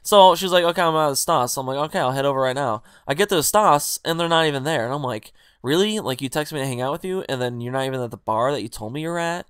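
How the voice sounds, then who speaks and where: This young adult vlogger has a high-leaning voice and talks quickly with few pauses, his delivery smooth. In a casual storytime video he rambles and swears while animatedly retelling a party argument, quoting the back-and-forth. The studio-quality recording is dry, with no echo.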